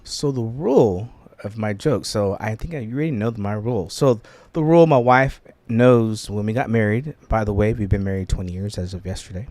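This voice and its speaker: A man's voice: on the low side, a little fast, a little mellow, dry recording. Joking middle-aged man, dry close sound. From California's Central Valley. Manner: joking, laughs often, stumbles and restarts. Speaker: podcast producer and interviewer. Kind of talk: casual joking interview. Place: home podcast studio.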